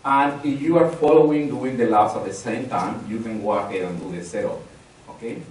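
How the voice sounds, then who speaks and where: A man's voice: medium pitch, normal speed, a little mellow. A man instructs a live audience in a large training room, chatting through steps and repeating key points as he goes. His voice sounds far from the microphone and bounces around a very echoey space, with a faint hiss of noise underneath. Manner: conversational, repeats key phrases, polls the audience.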